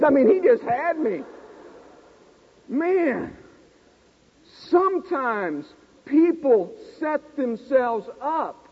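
A man in his forties preaching a sermon, an animated storyteller who pokes fun at himself in front of a live congregation. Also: extremely high pitch. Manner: animated, self-deprecating storyteller talking to a live audience. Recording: tinny lo-fi recording in a reverberant hall.

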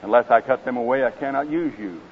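A man voicing the grave, loving male master of a garden, speaking slowly and solemnly. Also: mid-range voice, close to an everyday voice. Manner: slow, solemn and measured. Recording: slightly dull with faint hiss.

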